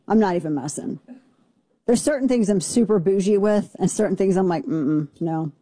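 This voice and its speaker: A woman hosting a show, giving sassy, mocking political commentary in a quick, casual way. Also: medium pitch, lively intonation, dark tone, no echo. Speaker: show host.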